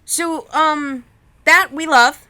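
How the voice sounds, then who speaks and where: A young woman co-hosting a casual comic book chat, retelling the story in a playful, animated way. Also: high-pitched, drawn-out words. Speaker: comic podcast co-host.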